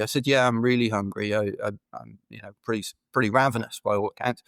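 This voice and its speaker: A creaky, lowish male voice runs fairly quick and steady, with hardly any pauses and no echo. The speaker, an ultra runner from the United Kingdom, is a podcast guest telling rambling, casual stories stuffed with fillers.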